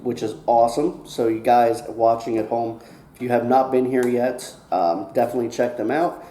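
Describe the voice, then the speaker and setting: Podcast host, easygoing, mellow mid voice, echoey room with faint hiss. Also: male voice, mid-range voice, normal speed. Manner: relaxed and friendly, many "um"s. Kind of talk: casual interview chat. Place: inside a brewery taproom.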